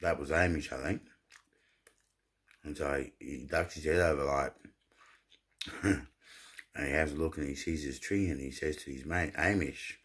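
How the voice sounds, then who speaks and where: A man's voice: a bass voice, steady tone, measured pace, long pauses, fairly bright tone, husky. A man, rambling and telling jokes in a laid-back way, often repeating his words. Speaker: vlogger. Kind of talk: rambling casual storytelling.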